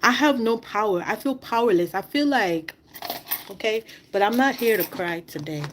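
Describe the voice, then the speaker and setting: A woman's voice: mid-range voice, expressive, normal speed, slight background noise. A woman on a livestream, speaking in an impassioned, repetitive way and asking many rhetorical questions while fighting back tears. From outside the United States. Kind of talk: emotional livestream monologue.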